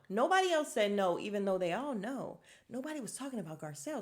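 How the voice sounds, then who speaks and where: A woman's voice: mid-range voice, animated, moderate pace. A woman hosting a casual podcast, recapping a reality show in a blunt, sassy, profane way and acting out what people said. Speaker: podcast host.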